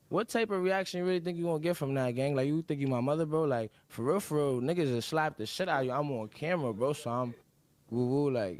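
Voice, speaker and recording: A man's voice: medium pitch, a little mellow, dry recording. A young man venting in casual slang, emphatic and repetitive, addressing "bro" often. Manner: slangy, emphatic, repeats "bro" and "you feel me".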